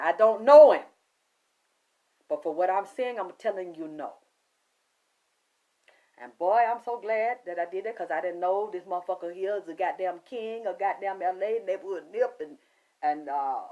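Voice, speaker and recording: A woman's voice: on the low side, a little mellow, highs cut off. A woman psychic reader, telling a story in a casual monologue, cursing often and quoting herself and others. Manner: profane, emphatic, quotes herself and others.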